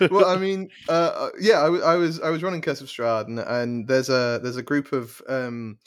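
A man's voice: mid-range voice, steady tone, normal speed. A man in casual podcast chat, talking enthusiastically with frequent stumbles and restarts.

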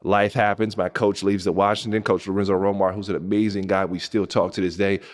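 A man in his thirties from Pasadena telling a personal story to his listeners as host. He talks in an animated way, jumping up high when excited and dropping low and quiet when moved. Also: fairly quick. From Pasadena, California. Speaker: podcast host and former NBA player.

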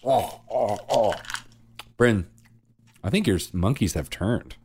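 A man in his thirties talks in loose, self-mocking asides on a family chat show. His pitch swings widely, and he keeps circling back with fillers and restarts. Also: animated, takes it slowly, a little mellow, breathy edge. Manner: rambling, self-deprecating, lots of fillers and restarts. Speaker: podcast co-host and father.

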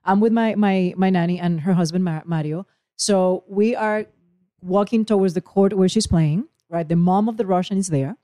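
A woman's voice: fairly low pitch, normal speed, mellow, no room sound. Woman co-host, casual chat, worked-up rambling storyteller, dry close sound. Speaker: podcast co-host.

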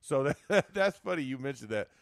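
A man chatting casually as co-host, telling lively stories and laughing often. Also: medium pitch, moderate pace, creaky, no room sound, clean studio sound. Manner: animated storyteller, laughs often. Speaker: former football player, co-host. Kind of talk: casual sports chat.

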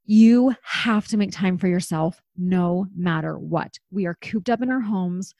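A woman's voice: on the low side, a little slow, mellow, no room sound. A woman in her thirties hosting a podcast, talking candidly and chattily, swearing now and then. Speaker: podcast host. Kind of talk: casual chat.

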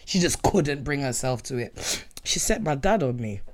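A woman's voice: very deep voice, lively intonation, moderate pace. A young woman with a London accent, chatting casually as a podcast co-host and telling stories in a playful, self-mocking way. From South London. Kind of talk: casual chat.

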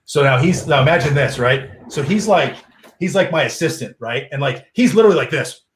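Late 30s guy, slightly high voice, self-deprecating and laughing, echoey room, faint hiss. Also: lively intonation, brisk. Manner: self-mocking, laughing storyteller. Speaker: magician. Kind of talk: casual chat.

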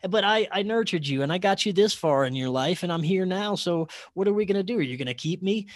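A man's voice: high-pitched, lively intonation, fast talker, no echo, clean studio sound, pitched above the performer's own voice. A man voicing a clingy, sinister female reptilian entity in a wheedling, pleading voice. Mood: coaxing menace.

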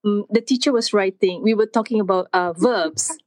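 Lively woman hosting a word lesson. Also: medium pitch, normal speed, no room sound, rough recording. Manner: animated, acts out her own reactions. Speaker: host teaching words of the day. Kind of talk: casual studio chat, language lesson.

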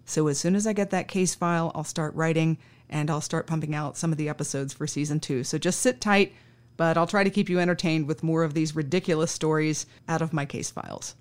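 A woman's voice: sits low, steady tone, brisk. A woman podcast host telling a true-crime anecdote in a wry, conversational way, acting out the dialogue.

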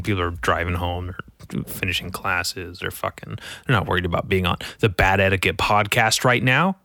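A man's voice: fairly low pitch, pushed and bright, dry recording, studio quality. A young man hosting a solo podcast, grumbling and swearing as he reads out local headlines. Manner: profane, irritable, grumbling. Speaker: podcast host.

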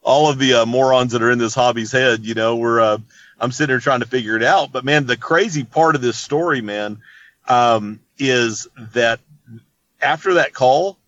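A man's voice: medium pitch, normal speed, a bit bright, dry recording, muffled recording. A man telling a long story in casual chat, rambling and laid-back, full of "dude" and "you know what I mean.". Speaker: podcast guest.

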